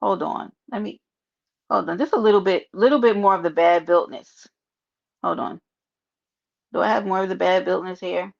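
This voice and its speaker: A woman's voice: fairly low pitch, moderate pace, gravelly, long pauses. A woman with a New York accent hosting a casual livestream, chatting sassily and reading her chat aloud. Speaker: livestream host. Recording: dull lo-fi stream audio.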